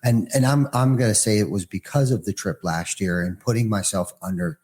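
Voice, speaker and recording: A man's voice: fairly low pitch, a little fast, a little mellow. A middle-aged man, a business owner, telling a rambling story in a casual podcast conversation and often restarting his sentences.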